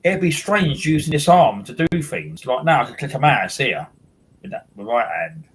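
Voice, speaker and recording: A man's voice: mid-range voice, sing-song, normal speed, slight background noise, poor audio. A man, hosting a casual chat and rambling with many restarts and repeated words. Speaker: host.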